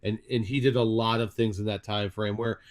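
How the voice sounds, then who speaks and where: A man's voice: lowish voice, steady tone, fairly quick. Rambling man in casual podcast chat. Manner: rambling, with frequent restarts and searching for names. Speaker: podcast co-host.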